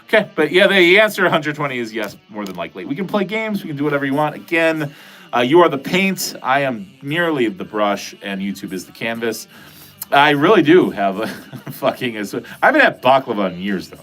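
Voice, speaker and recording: A man's voice: mid-range voice, sing-song, brisk, fairly bright tone. Middle-aged male streamer from New England, loose and profane, chatty with viewers, faint music underneath. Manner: rambling, profane, jokey, talks to chat. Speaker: livestream host. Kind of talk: casual livestream chat.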